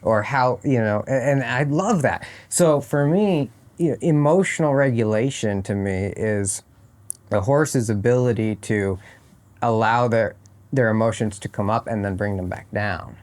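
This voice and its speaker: A man's voice: medium pitch, measured pace, a little mellow. Thoughtful man chatting as podcast guest. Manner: thoughtful, restarts phrases often. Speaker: podcast guest, horse trainer. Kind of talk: casual interview chat. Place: horse competition grounds.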